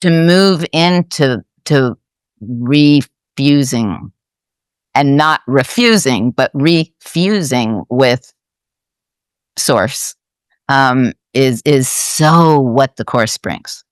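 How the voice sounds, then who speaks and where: Clear-voiced woman host telling a story. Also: very deep voice, no room sound, studio quality. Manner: reflective, halting storytelling with restarts. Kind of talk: conversational storytelling.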